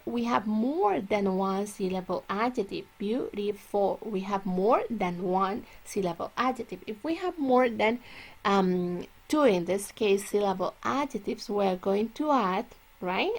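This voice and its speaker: A woman teaching English grammar, explaining slowly and stretching out her example words. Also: mid-range voice, darkish tone. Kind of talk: classroom grammar lesson.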